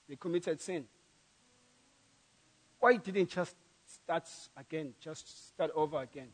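High-voiced man preaching a sermon. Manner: emphatic, repeats key phrases, swings from loud to soft.

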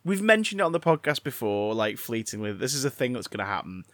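A man co-hosting a podcast, chatting casually, swearing freely and getting loudly excited as he goes. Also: mid-range voice, quick pace, dry recording. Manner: animated, swears freely, breaks into exaggerated excited outbursts. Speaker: podcast co-host.

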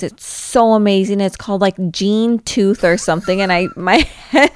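Female podcast co-host, unhurried delivery, playful teasing, dry recording. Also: mid-range voice, no echo. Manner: teasing, animated storytelling, acts out quotes. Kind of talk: casual chat.

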